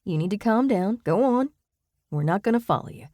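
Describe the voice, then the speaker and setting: A woman reading an audiobook voices a steady male police officer who speaks in a soothing, patient, measured way. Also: medium pitch, no room sound, studio quality, voice pushed up, lightly acted. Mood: calm.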